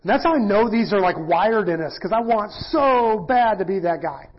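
A middle-aged pastor teaching in a casual, self-deprecating sermon, often acting out quoted voices. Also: male voice, high-pitched, expressive, normal speed. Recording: dull lo-fi church audio.

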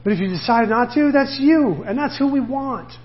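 A middle-aged male pastor delivers a loose, conversational sermon, voicing the people in his stories. His voice is high for a man, expressive and at a moderate pace, and the recording is dull and slightly lo-fi.

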